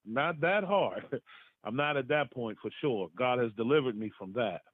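Halting man on a phone line. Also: mid-range voice, no room sound. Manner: halting, hesitant, earnest. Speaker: guest sharing his story. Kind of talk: personal testimony. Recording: tinny phone line, dry.

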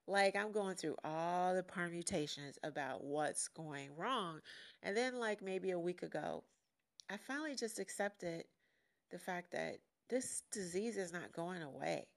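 A woman's voice: fairly low pitch, expressive, unhurried, vocal fry. A woman hosting her own podcast in a casual, candid solo monologue that turns motivational. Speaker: podcast host.

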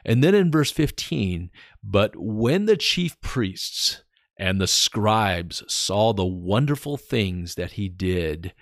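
A man giving informal Bible teaching on his podcast, chatting casually and slowing down to read scripture with emphasis. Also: on the low side, sing-song, dry recording, studio quality. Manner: conversational, reads scripture slowly with emphasis.

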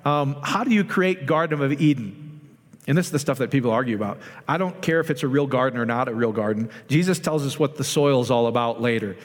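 A man preaching in a relaxed, conversational way, often turning questions to his listeners. His voice climbs noticeably higher when he gets worked up, and a long reverb trails each phrase in the hall. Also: brisk. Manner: conversational, asks the audience questions, rises in pitch when excited. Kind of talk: informal sermon to a small group.

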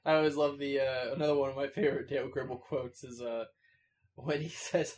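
A man's voice: medium pitch, fairly even intonation, brisk, darkish tone. A man chatting casually, rambling through stories with frequent laughter. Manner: rambling, laughs often, quotes cartoon lines. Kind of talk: casual podcast chat.

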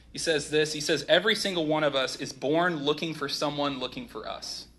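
A man in his thirties giving a sermon as pastor, talking in a casual, animated way with many asides. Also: a little high.

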